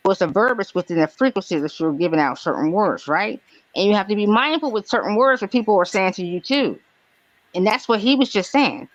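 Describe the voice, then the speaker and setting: A woman's voice: medium pitch, expressive, fairly quick, no echo. Earnest rambling woman, muffled lo-fi mic. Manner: earnest, rambling, spiritual talk. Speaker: panel guest. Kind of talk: casual live panel chat. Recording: dull lo-fi mic.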